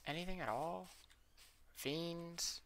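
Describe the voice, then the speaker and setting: A man's voice: a little high, slow pace, fairly bright tone. A man doing let's play gameplay commentary, muttering to himself as he plays and letting out sudden yelps. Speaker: gaming channel host. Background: background music.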